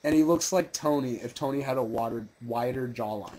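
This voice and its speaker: Teen male co-host, husky, middle pitch, wry storyteller. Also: a little fast, darkish tone. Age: teens. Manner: storytelling, mocking. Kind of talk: casual chat.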